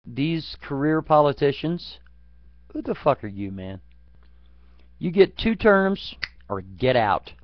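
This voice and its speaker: A man's voice: a little high, big pitch swings, slow, long pauses, dry recording. A man in a profane, angry political rant, swearing constantly and talking crudely. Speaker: vlogger. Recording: dull lo-fi dry recording.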